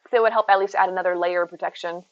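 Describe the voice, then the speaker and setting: A woman's voice: lowish voice, fairly even intonation, rapid-fire, muffled recording, faint music behind. A woman streaming from home, chatting casually and rambling to her viewers, reading and answering their messages by name. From United States. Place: home, indoors.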